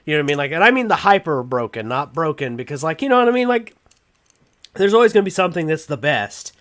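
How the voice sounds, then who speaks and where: A man with a Southern US accent hosting a casual chat, animated and rambling, quick to laugh. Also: a little high. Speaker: host.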